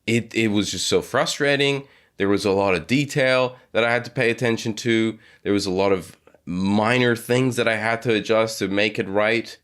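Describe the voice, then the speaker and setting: A man hosting a podcast interview, talking in a halting way with many restarts and repeated words. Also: lowish voice, fairly bright tone, clean tone. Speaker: podcast host. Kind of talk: casual interview chat.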